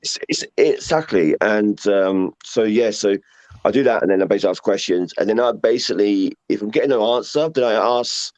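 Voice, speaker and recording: A man with a London accent chats casually as a guest, rambling through his points with lots of fillers and repeats. His voice sits fairly low and dry, and the recording sounds muffled and lo-fi. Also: a little fast, darkish tone, dry recording. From England. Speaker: guest paranormal investigator. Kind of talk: casual chat. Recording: muffled lo-fi audio.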